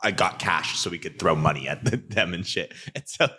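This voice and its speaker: A man's voice: deep voice, a little fast, bright, forceful tone, husky. A young man guest on a podcast, telling crude stories in casual chat and joking and laughing as he goes.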